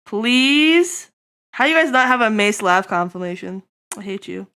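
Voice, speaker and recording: A woman streamer in casual live-stream chat, rambling and breaking into loud laughter, her throat getting tickly. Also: mid-range voice, fairly quick, smooth.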